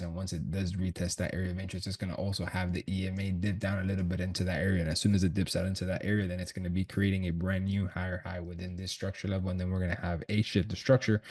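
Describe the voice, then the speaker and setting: Heard from a far-off microphone, this low-voiced, husky man chats loosely on a livestream about his chart analysis as a trader. He comes across a bit mellow, dropping slang and curses, laughing often and reasoning aloud.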